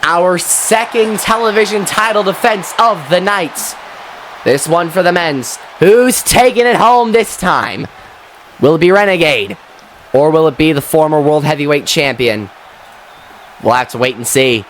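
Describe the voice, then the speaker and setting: A man giving casual, excitable wrestling commentary, chatty and quick to swear. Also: fairly high pitch, a little hiss or hum.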